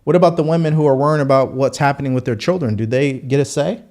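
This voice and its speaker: A man's voice: medium pitch, fast, a little mellow. A man hosting a live political commentary show, arguing his points with repeated rhetorical questions.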